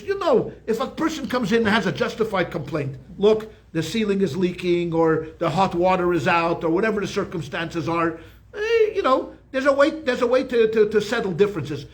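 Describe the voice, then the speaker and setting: High-voiced rabbi telling animated stories. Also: male voice. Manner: animated storytelling, acts out quotes, frequent repetitions. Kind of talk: informal Torah class.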